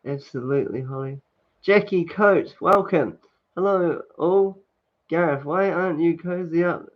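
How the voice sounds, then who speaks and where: A man's voice: a little high, a little slow. A man hosting a casual livestream, reading comments and chatting with many fillers and laughs. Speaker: livestream host. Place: indoors at home, sunny. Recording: dull lo-fi stream audio.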